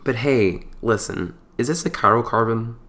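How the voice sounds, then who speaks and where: A man giving a casual chemistry lesson, explaining step by step in a relaxed, chatty way with playful asides and small stumbles. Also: medium pitch, normal speed. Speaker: chemistry tutor. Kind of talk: casual whiteboard lecture.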